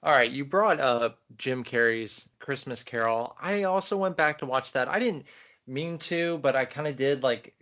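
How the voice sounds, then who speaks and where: This man co-hosts a relaxed film podcast, rambling eagerly and using plenty of fillers. His voice is medium-pitched, smooth and a bit bright.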